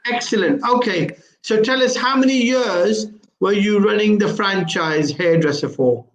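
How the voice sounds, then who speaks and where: Guy hosting a live show, high voice, keeps repeating his questions, echoey room. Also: a little slow. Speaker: host. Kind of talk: live radio interview. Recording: roomy studio echo.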